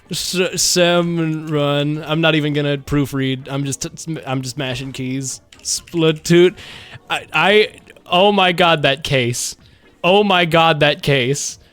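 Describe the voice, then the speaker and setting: A man's voice: fairly high pitch, slow pace, fairly bright tone, clear, resonant tone. Exhausted, rambling male game streamer. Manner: rambling, swears a lot. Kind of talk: casual live-stream chat.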